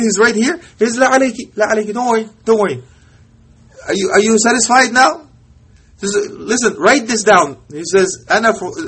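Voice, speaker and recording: A male preacher telling a story in a sermon, impassioned, often dropping to a hush and mixing in Arabic phrases. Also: high-pitched, slightly rough.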